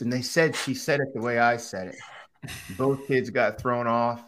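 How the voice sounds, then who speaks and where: A man chatting as a guest on a podcast, with a voice sitting at an ordinary middle pitch. He tells stories with lots of energy, jumping up in pitch when he acts out what others said. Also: a little slow. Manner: animated storyteller who acts out quoted voices with big pitch jumps. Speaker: podcast guest, quarterback coach and former TV analyst. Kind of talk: casual podcast conversation.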